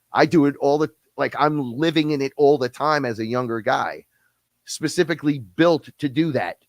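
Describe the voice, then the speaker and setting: Casting note: fast-talking, profane man ranting, dry close sound, middle pitch. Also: dry recording. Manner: blunt, profane, fast-talking, mimics others. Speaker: podcast guest-host. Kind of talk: casual rant.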